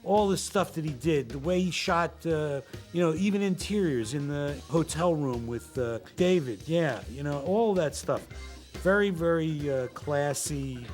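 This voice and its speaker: A man giving an interview about a film, halting and searching for words. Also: a little high, a little mellow, faint music behind.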